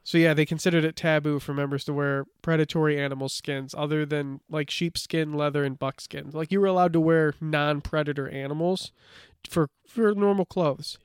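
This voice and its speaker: A man with a fairly high, smooth and resonant voice talks in a loose, chatty way, reading bits from notes and leaning on filler words. The sound is close and dry. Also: moderate pace, no echo. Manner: relaxed storytelling, reads from notes, many "like" fillers. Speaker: podcast co-host. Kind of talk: casual chat.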